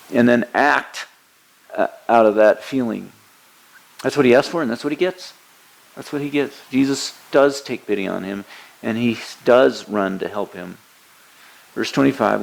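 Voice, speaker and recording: Gravelly-voiced man preaching a sermon. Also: medium pitch, poor audio. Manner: earnest teaching tone, quoting scripture with emphatic voices; frequent hesitations and restarts.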